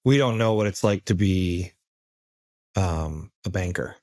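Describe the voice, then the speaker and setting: A man on a casual podcast who thinks out loud and restarts his sentences. His voice sits low. The recording is close and dry. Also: measured pace, no echo.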